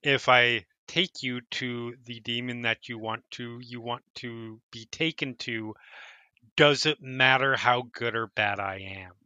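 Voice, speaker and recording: A man narrating a tabletop game as dungeon master, explaining rulings in a measured, thoughtful way. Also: medium pitch, fairly even intonation, bright, forceful tone, no echo.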